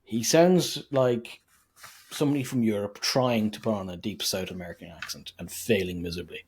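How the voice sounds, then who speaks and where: Male podcast co-host, husky mid-pitched voice, sarcastic exasperated film rants. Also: moderate pace, a little mellow. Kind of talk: casual film review chat.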